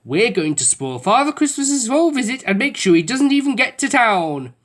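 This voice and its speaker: A woman's voice: on the high side, big pitch swings, normal speed, pitched above the performer's own voice. A woman reading a storybook aloud, voicing a scheming male goblin villain with a sneering, gloating manner. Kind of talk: storybook voice acting.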